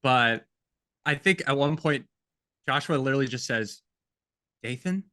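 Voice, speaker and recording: A man's voice: mid-range voice, moderate pace, bright, forceful tone, dry recording, studio quality. A man co-hosting a film podcast, talking in a laid-back casual way with slang. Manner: laid-back, uses slang like bro and dude. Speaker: podcast co-host.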